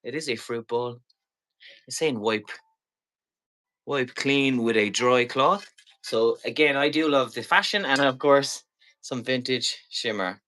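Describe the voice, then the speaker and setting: A man's voice: medium pitch, unhurried, pauses often, bright, forceful tone. A man hosting a live selling stream, chatty and playful as he rambles through each item. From Ireland.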